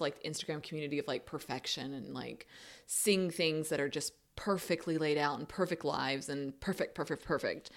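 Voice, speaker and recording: A woman co-hosting a casual podcast chat, playful and giggly, with quick joking asides. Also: on the low side, a bit bright. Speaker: podcast co-host.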